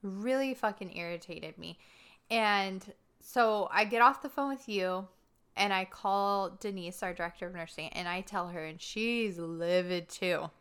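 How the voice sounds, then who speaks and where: A woman chats casually, recounting a personal story with candid, animated energy. Her voice is bright and crisp, smooth and clear. She peppers her telling with "like". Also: medium pitch, a little slow. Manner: candid, animated retelling with frequent "like". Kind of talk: casual chat.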